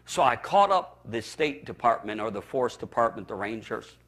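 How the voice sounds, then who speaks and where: A man's voice: mid-range voice, animated, brisk, fairly bright tone. A man from the Chicago area, a pastor preaching a personal testimony, telling it with emotion and stammered repeats. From Chicago area, USA.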